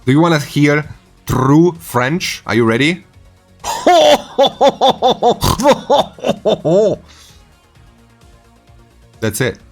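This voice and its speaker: A man in his forties hosting a casual live stream, animated and teasing, laughing often. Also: mid-range voice, moderate pace, vocal fry, faint music behind. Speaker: streaming host.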